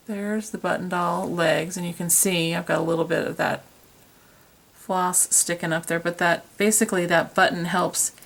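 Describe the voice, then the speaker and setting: With a low, gravelly voice, a woman talks through a craft demonstration as she works, chatty and self-deprecating. She's the tutorial's host, captured by a camera on a tripod while her hands stay busy.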